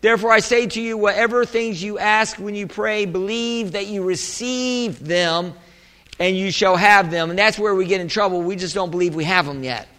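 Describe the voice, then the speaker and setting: High, bright-voiced preacher man in a reverberant hall. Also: steady tone, fairly quick, few pauses. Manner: call-and-response preaching, asking for amens; conversational, with repeated restarts. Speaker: pastor. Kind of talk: sermon. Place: church sanctuary. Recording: echoey hall with long reverb.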